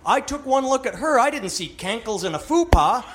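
A man performs stand-up comedy in a mocking, animated way, acting out the people in his stories. His voice sits high and swings widely in pitch. A faint noise runs behind him. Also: moderate pace, some chatter behind.

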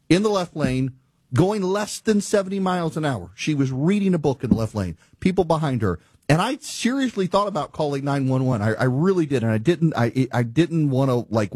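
A man's voice: mid-range voice, darkish tone, husky, dry recording. A man hosting a casual talk show, ranting in disbelief about bad drivers and laughing at his own stories. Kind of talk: casual monologue.

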